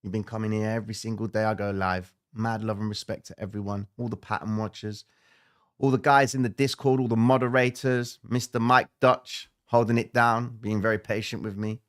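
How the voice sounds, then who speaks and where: A man's voice: on the low side, steady tone, fairly quick. A man hosting a trading livestream, talking casually and emphatically to his viewers with slangy asides.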